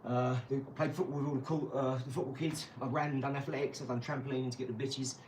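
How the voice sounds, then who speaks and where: A man's voice: mid-range voice, fairly even intonation, quick pace, a little mellow, a little hiss or hum. A man ranting on a live stream, blunt, boastful and rambling. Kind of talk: casual live-stream rant. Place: garage. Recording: echoey garage, mic far off.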